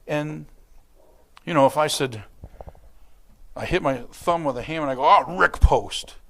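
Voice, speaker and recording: A man preaching as a church pastor, in a conversational, animated manner, acting out little quotes and scenes as he explains scripture. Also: a little high, moderate pace. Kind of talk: sermon.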